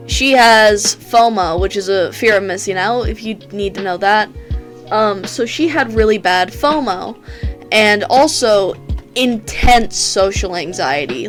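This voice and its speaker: A teenage girl telling rambling, profane stories in a casual chat while she plays a game, laughing often. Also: mid-range voice. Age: teens. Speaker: gaming streamer. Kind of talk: casual storytelling while gaming.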